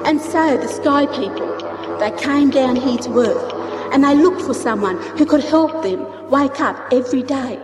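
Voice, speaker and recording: Woman, storyteller, high voice, rhythmic and expressive, echoey hall, music underneath. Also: unhurried. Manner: expressive, rhythmic, repeating phrases. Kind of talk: oral storytelling.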